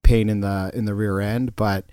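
A man's voice: fairly low pitch, steady tone, normal speed, warm tone, clean tone, no room sound, clean studio sound. A man co-hosting a podcast in casual chat, rambling with many restarts and fillers. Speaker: podcast co-host.

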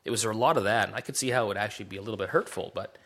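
A man with a low voice co-hosts a casual podcast conversation. He rambles and pokes fun at himself, often trailing off and restarting mid-sentence. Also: very fast, a bit bright. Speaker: podcast co-host. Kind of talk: casual chat. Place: Vancouver area.

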